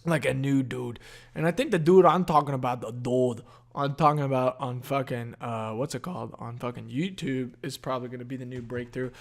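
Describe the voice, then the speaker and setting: A man's voice: mid-range voice, fairly quick, vocal fry. A young man hosting a casual solo podcast outdoors, rambling and profane with lots of fillers. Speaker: podcast host.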